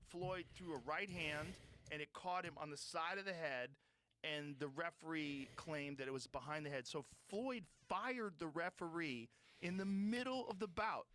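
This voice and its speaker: Brief: emphatic, profane male podcast host, slightly high voice, faint room noise. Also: normal speed, a bit bright. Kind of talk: casual chat.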